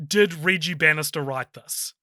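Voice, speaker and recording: A man co-hosting a casual film review podcast, animated and mocking, laughing often. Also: fairly high pitch, normal speed, dry recording, clean studio sound. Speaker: podcast co-host.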